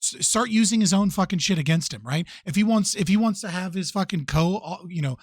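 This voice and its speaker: Male streamer, slightly high voice, blunt and profane commentary, dry close mic. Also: lively intonation, a little fast, breathy edge, no room sound. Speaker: streamer reacting to a debate clip. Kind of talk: casual live commentary.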